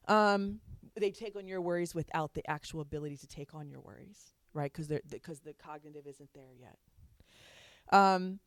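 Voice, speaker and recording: A woman's voice: lowish voice, no room sound, clean studio sound. A woman counselor giving a chatty talk on parenting to an audience, laughing often as she makes her points.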